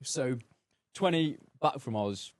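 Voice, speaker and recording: A man hosts a casual podcast, steering his guest with quick prompts and teasing asides. His voice sits at an average pitch. The recording is dry and close. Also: expressive, no echo. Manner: prompting, teasing, sums up the story. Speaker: podcast host.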